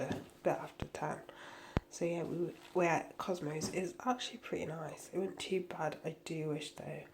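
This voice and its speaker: A woman's voice: sits low, noisy background. A tired young woman talking casually at home late at night, sweary and rambling, sometimes dropping to a whisper. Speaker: vlogger.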